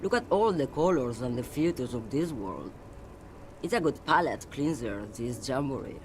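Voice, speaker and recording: A man voicing a weary, detached woman truck driver, talking in an unhurried, dreamy, aloof way. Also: mid-range voice, animated, slight background noise, natural voice.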